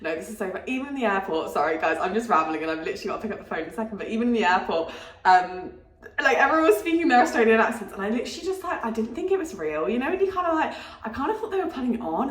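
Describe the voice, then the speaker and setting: A woman's voice: fairly high pitch, very animated, very fast, echoey room. A young woman vlogging her travels, chatty and giggly, rambling between asides and upbeat narration. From Britain. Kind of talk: casual vlog chat and scripted travel narration.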